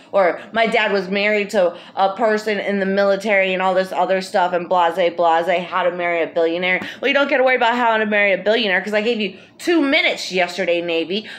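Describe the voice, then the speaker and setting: A woman's voice: medium pitch, a bit bright. A woman in an angry, profane rant to the camera. She swears constantly and keeps repeating her insults.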